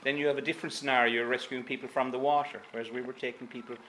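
Male lifeboat crewman, lowish bright voice, matter-of-fact, faint ambient noise. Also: flat delivery, racing. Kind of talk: interview.

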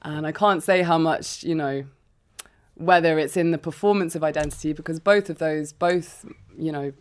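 A woman's voice: deep voice, fairly even intonation, normal speed. Giggly self-mocking woman from England. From England, with Irish parents. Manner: self-deprecating, giggly, many fillers. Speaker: writer and performer guest. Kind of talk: radio interview. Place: radio studio.

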